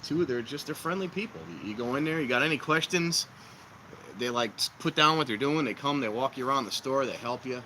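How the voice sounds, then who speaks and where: Man, casual livestream talk, mid pitch, rambling jokes, noisy outdoor audio. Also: fairly quick, bright, forceful tone. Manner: rambling, joking, talks to viewers. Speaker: livestream host. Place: outdoors by a fire pit.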